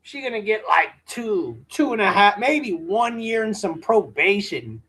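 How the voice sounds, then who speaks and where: A man's voice: high-pitched, very animated, a little slow, pushed and bright, husky. A man hosting a live stream, telling rambling stories with lots of swearing and slang. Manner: profane, slangy, rants full of "bro" and "dude". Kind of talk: casual rambling storytelling.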